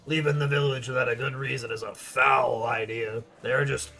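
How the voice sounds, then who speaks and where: A man's voice: medium pitch, flat delivery, moderate pace, pushed and bright. A man voicing a chatty village tavern keeper in an attempted Southern drawl, reading game dialogue aloud. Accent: attempted American Southern drawl. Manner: folksy, chatty, hospitable. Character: jovial village tavern keeper, proud storyteller.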